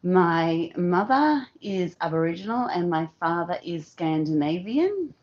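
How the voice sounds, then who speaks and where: A woman's voice: lowish voice, very animated, unhurried, darkish tone, lo-fi sound. A woman from Australia with an Australian accent, chatting casually and affectionately on a live stream from home, greeting viewers one by one. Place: at home, indoors.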